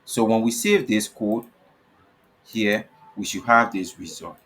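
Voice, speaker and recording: A man's voice: fairly low pitch, measured pace, a bit bright, a little hiss or hum. A man teaching a coding lesson over his screen. He spells out tag names letter by letter, repeats himself and keeps asking "okay?". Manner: repetitive, checks in with frequent "okay?". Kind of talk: screen-recorded coding tutorial.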